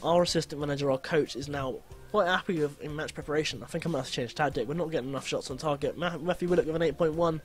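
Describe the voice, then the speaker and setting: Lively man, slightly high voice. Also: fast talker, faint music behind. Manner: lively, blunt, grumbles and swears at his team. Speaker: gameplay commentator. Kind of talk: gameplay commentary.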